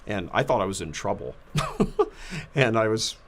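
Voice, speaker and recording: A man's voice: on the low side, sing-song, moderate pace, fairly bright tone. A man in his fifties telling an anecdote as a guest in a casual chat, laughing often. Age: 50s.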